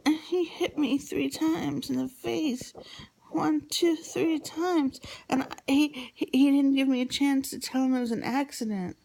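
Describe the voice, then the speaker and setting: A woman voicing an upset little girl who insists on her story and repeats herself in a high voice. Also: animated, moderate pace, gravelly, darkish tone, poor audio.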